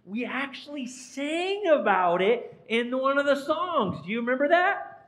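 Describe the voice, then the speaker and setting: High-voiced man quizzing a congregation. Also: sing-song, measured pace, fairly bright tone, rough recording. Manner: playful, quizzing listeners by name. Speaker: pastor. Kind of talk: interactive sermon with questions to the congregation. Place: church sanctuary.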